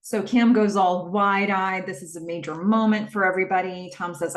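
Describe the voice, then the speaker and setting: A woman's voice: medium pitch, fairly even intonation, moderate pace, hardly any pauses, roomy sound. A woman hosting a podcast, casually retelling a TV episode scene by scene and quoting the characters as she goes. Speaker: podcast host.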